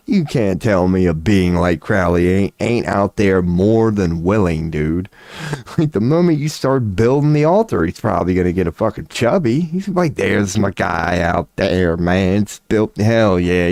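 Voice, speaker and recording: A man's voice: medium pitch, a little mellow, no room sound, studio quality. A man riffing casually and profanely on a home webcam stream, joking loosely and slipping into silly voices. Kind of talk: rambling casual stream talk. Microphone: webcam mic.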